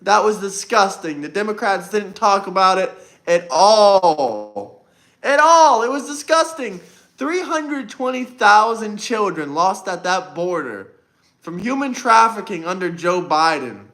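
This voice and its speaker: A man with a high-pitched voice hosts a political livestream. His tone is bright and forceful, and he talks in a combative, boastful way, repeating lines to hammer them home. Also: sing-song, unhurried. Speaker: livestream host. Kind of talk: political livestream debate talk.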